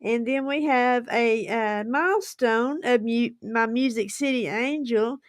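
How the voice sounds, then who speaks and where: A woman's voice: fairly high pitch, measured pace, no echo, studio quality. A woman, hosting a casual livestream and chatting effusively with frequent giggles. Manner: effusive and giggly, laughs often. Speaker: livestream host.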